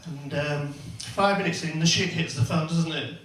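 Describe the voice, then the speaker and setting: A man's voice: fairly high pitch, steady tone, normal speed, fairly bright tone, slight background noise. A man doing stand-up, telling crude rambling family stories full of tag questions. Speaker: stand-up comedian. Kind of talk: stand-up comedy routine. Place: comedy club stage. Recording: echoey venue, mic far off.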